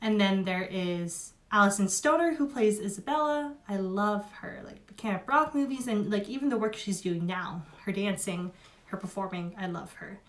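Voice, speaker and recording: A woman's voice: medium pitch, normal speed. A young woman giving a casual spoken review, chatty and emotional, with many fillers and restarts.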